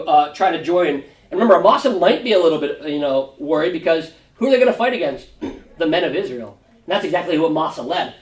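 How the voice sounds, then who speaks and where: Pastor, man, casual animated Bible teacher; mic set far back in an echoey room. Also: on the high side. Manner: conversational, animated retelling. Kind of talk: Sunday school Bible teaching. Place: church classroom. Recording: roomy room, distant mic.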